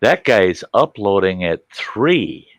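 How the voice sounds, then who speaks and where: A man's voice: fairly low pitch, sing-song, slow, no echo. A middle-aged man hosting a livestream, telling rambling folksy stories in casual chat. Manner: folksy, rambling anecdotes with lots of restarts. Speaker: host.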